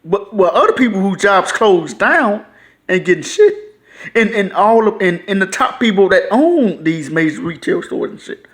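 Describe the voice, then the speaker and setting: A frustrated man, ranting to camera in a loose, profane, repetitive way. His voice sits a bit high for a man, and he keeps circling back to the same points. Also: expressive, normal speed. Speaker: YouTuber. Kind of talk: casual ranting monologue.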